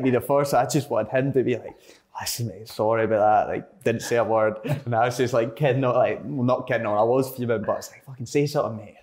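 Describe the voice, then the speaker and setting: Chatty Scottish man, rambling and laughing. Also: medium pitch. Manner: rambling, lots of fillers and self-corrections. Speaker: interview guest, footballer. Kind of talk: casual storytelling chat.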